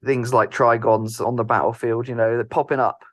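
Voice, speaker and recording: A man chatting casually as a podcast guest, musing in a relaxed way. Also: medium pitch, normal speed, no room sound, clean studio sound. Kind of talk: casual chat.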